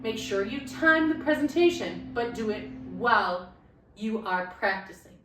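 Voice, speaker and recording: A woman lecturing on public speaking with a loud voice and lively, expressive pitch. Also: measured pace. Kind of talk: recorded lecture. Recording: echoey room, mic far off, background hum.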